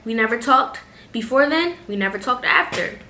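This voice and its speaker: A woman's voice: on the high side, animated, normal speed, sharp tone. A young woman vlogger chatting casually through a storytime while eating at home, rambling with lots of fillers. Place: home bedroom, little brother playing nearby. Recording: echoey room with faint noise.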